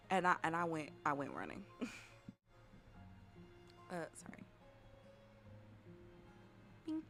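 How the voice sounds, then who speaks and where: A woman streamer at home on a desk mic, telling a story to her chat in a profane, dramatic way, swinging from loud outbursts to hushed whispers. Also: on the low side, big pitch swings, slow pace, gravelly, long pauses, faint music behind. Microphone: desk microphone.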